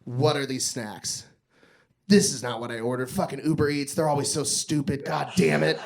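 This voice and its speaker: A young adult man telling crude, animated stories during a stand-up comedy set on a club stage. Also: medium pitch, normal speed.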